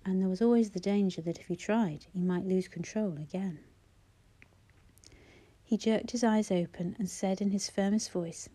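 Audiobook narrator: woman, mellow tone, measured and gentle delivery. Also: medium pitch. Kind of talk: scripted narration.

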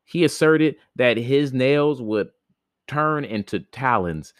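A man's voice: medium pitch, animated, slow pace, no echo. A man reading an old myth aloud for a podcast, stumbling over words now and then and breaking off to joke about it. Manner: reads with stumbles and laughing commentary. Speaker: podcast host reading myths. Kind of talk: casual read-aloud storytelling with asides.

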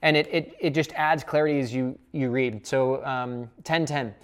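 A Bible study teacher leads a casual lesson, talking through each point in a relaxed, conversational way. The delivery sounds unscripted, with the teacher working out thoughts aloud while explaining the passage. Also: mid-range voice, moderate pace, smooth.

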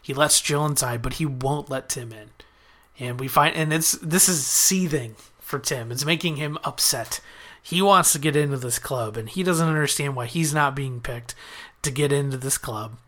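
A man's voice: mid-range voice, moderate pace, a bit bright. A man casually recapping a TV episode as a podcast host, chatting through the plot and quoting the characters in his own voice.

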